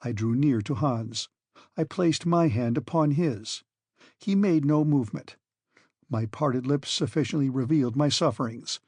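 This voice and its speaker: Husky male audiobook narrator. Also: mid-range voice, unhurried, a little mellow, no echo. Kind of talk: scripted narration.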